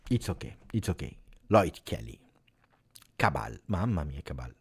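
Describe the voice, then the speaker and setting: A man's voice: low voice, very animated, a little slow, creaky, breathy edge. A man hosting a live match watch-along, reacting emotionally and pleading with the players. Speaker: fan channel host.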